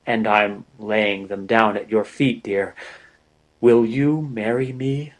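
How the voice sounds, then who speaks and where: A man's voice: on the low side, steady tone, slow, rough recording. A man voicing an earnest, lovestruck young man in a romance story. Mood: tender. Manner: earnest, impassioned declarations.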